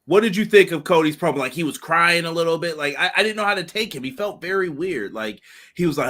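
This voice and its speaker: A man's voice: fairly high pitch, expressive, fast, a bit bright. A man co-hosting a wrestling podcast, chatting casually and laughing between points. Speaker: podcast co-host.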